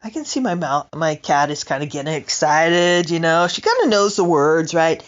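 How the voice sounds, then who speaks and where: A woman with a low voice that jumps around animatedly, rambling through a stand-up comedy monologue and asking her audience questions. The recording is dull and lo-fi. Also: animated, moderate pace, hardly any pauses. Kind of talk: comic monologue.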